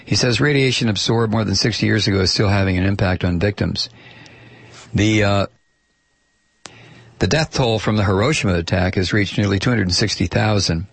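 Male talk radio host, husky and dry, opinionated reader of listener mail. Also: on the low side, fairly even intonation, moderate pace, no room sound. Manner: chatty and opinionated, reads listener mail aloud.

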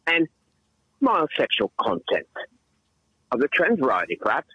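A man's voice: medium pitch, sing-song, normal speed, a bit bright, slightly rough, dry recording, highs cut off. A man with an English accent calling in to a radio show, rambling and profane in a theatrical way. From England. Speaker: radio caller. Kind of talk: rambling comic call-in chat.

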